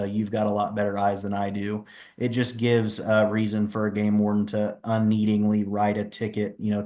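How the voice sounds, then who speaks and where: A relaxed man walks viewers through their questions in a folksy way. His voice sits low and stays fairly flat, with little rise or fall. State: has the hiccups. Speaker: wildlife department presenter. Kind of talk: casual live Q&A.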